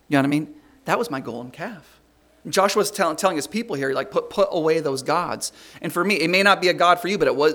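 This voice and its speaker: A middle-aged man preaching a conversational sermon, stumbling over repeated words and rising loud and slow when he reads scripture. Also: on the high side, vocal fry.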